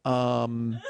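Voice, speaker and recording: A man hosting a comedy podcast, chatting casually with loud silly bits and lots of swearing. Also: mid-range voice, creaky. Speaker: podcast host.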